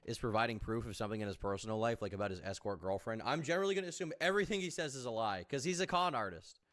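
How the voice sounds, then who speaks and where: A man's voice: medium pitch, racing, a bit bright. A man streaming live, reacting to clips with sarcastic, mocking commentary and free swearing.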